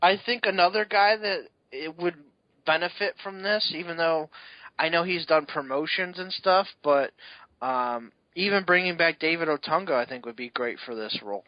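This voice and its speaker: A podcast co-host talks in loose, rambling chat, his voice sitting a little high. The sound is dead dry with no room around it. The recording is muffled and lo-fi. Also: moderate pace, no room sound. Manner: chatty, rambling storyteller. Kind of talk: casual chat. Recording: dull lo-fi recording.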